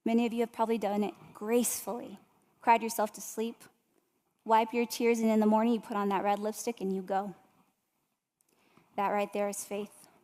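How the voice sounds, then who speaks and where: A woman's voice: mid-range voice, little pitch movement, moderate pace, pauses often, warm tone. A woman giving an inspirational talk and telling stories straight to her audience. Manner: storytelling, addresses the audience directly. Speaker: motivational speaker. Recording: long hall reverb.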